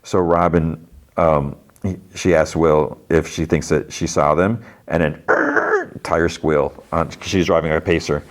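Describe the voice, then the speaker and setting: Deep-voiced man rambling through a recap. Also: sing-song, a little slow. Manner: rambling, filler-heavy retelling. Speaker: podcast host. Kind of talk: casual episode recap.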